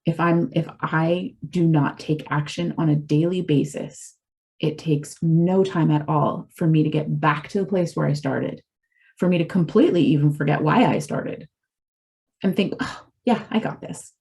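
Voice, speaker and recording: A woman's voice: sits low, steady tone, moderate pace, creaky, darkish tone. A middle-aged woman giving a candid, rambling personal testimony as a speaker for a recovery community. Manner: earnest, confessional, rambling.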